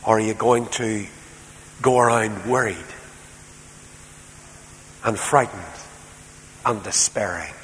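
A man preaching a sermon as a storyteller, moving between soft, quiet passages and loud, emphatic ones. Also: lowish voice, slow, pauses often. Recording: reverberant hall, faint background noise.

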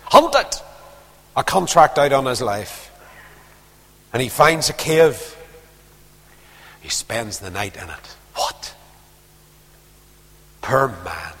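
A man's voice: medium pitch, sing-song, slow pace, long pauses, slightly rough. Dramatic preacher man in a big hall. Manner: dramatic storytelling, swinging from loud urgency to hushed near-whispers. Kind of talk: sermon.

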